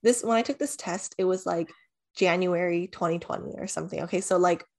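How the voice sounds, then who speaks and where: A woman's voice: on the low side, a little fast. A young woman co-hosting a podcast, chatting casually, laughing and swearing as she acts out little scenes. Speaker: podcast co-host. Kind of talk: casual chat.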